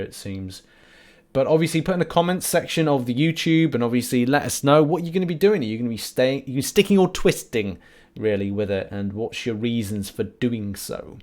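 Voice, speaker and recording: A man hosting a casual gaming podcast, rambling and laughing often as he talks. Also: mid-range voice. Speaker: podcast host.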